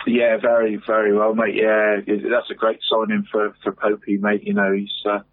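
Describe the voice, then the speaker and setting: A man's voice: fairly low pitch, completely flat delivery, normal speed, no echo. A man presenting local football results in casual radio chat, saying "mate" after nearly every phrase. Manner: says "mate" constantly, chatty and rambling. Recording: phone-like radio line.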